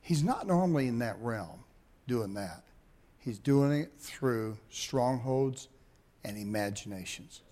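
A middle-aged man, a pastor, preaching a sermon with animated storytelling and calls to the congregation. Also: mid-range voice, slow pace.

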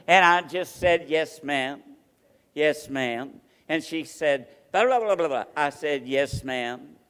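Preaching man with high, echoing voice. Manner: storytelling with acted-out quotes, dynamic swings from loud to hushed. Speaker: pastor. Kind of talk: sermon. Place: church sanctuary.

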